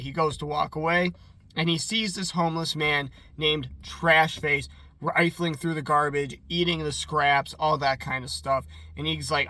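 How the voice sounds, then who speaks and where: A man's voice: fairly high pitch, steady tone, normal speed, bright, forceful tone, dry recording. A man chatting casually as he recaps a TV episode, rambling and filling his talk with "like". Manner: rambling and chatty, heavy use of "like". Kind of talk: casual commentary.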